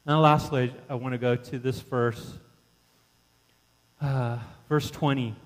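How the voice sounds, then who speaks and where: A man's voice: medium pitch, steady tone, takes it slowly, long reverb tail, poor audio. A man preaching a sermon as pastor, talking conversationally with rhetorical questions and frequent restarts.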